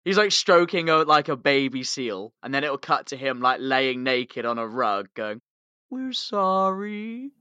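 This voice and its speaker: A British man co-hosting a casual podcast, telling a story in an animated way with swearing and laughs. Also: medium pitch, normal speed, hardly any pauses, clean tone, dry recording. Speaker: podcast co-host.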